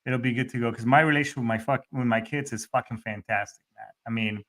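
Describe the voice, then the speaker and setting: A man's voice: mid-range voice, fairly even intonation, quick pace, a bit bright. A middle-aged man hosting a podcast in a casual chat, profane and rambling with many restarts. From Hispanic background. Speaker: podcast host.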